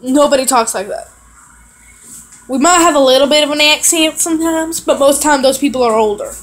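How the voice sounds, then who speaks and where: A young woman from Texas with a high voice vlogs at home into her phone camera. She talks in a loose, chatty way, wanders between points, and drops casual swear words. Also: poor audio. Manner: chatty, digressive, swears casually, self-mocking. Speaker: vlogger. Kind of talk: casual rambling vlog.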